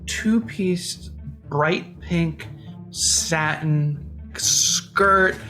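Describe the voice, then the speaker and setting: A woman's voice: lowish voice, extremely slow, bright, forceful tone, faint music behind. A woman casually telling a story with a friend, laid-back and drawn out. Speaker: storyteller guest, band member.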